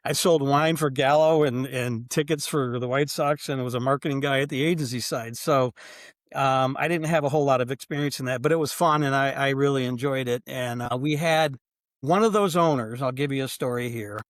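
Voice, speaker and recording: Here a sports executive, an older man, guests on a podcast for a casual storytelling interview. His mid-range voice moves a little fast in a dry, clean studio recording. He's an animated raconteur who plays out the back-and-forth of old conversations.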